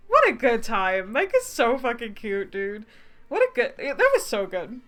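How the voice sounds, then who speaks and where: A woman's voice: on the high side, huge pitch swings, a little slow, fairly bright tone, soft background music. Chatty woman streamer, giggly. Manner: chatty, laughs often, reads game text aloud. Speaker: streamer, game developer. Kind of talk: casual let's-play narration.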